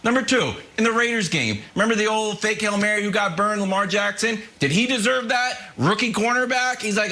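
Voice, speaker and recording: Brief: male sports debate host, high and animated, teasing, mocking delivery. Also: brisk, few pauses. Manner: animated, mocking impressions of fans.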